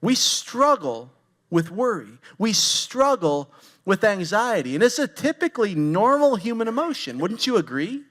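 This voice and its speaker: A man's voice: sits high, very animated, measured pace, a bit bright. A man in his forties giving a conversational sermon as pastor, candid and storytelling, talking straight to his congregation. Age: 40s.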